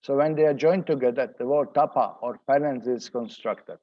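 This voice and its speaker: A man teaching a scripture seminar, explaining verses word by word in an unhurried, explanatory way. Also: mid-range voice, highs cut off. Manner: explanatory, pauses to translate word by word.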